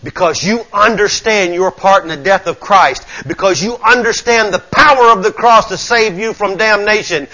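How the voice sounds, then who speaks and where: A man preaching a sermon, fervent and folksy, moving from low murmurs to shouts. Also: moderate pace, hardly any pauses, poor audio.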